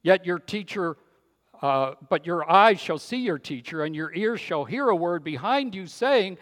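Emphatic preacher in a reverberant hall. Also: male voice, sits high, expressive, normal speed. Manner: emphatic, swings from loud to hushed. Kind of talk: sermon.

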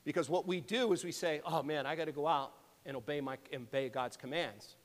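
A male pastor with a high voice delivers an earnest, emphatic sermon. He keeps stopping to clear his throat. His words ring out with the long reverb of a large hall. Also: brisk. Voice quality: earnest, emphatic preaching with rhetorical questions.

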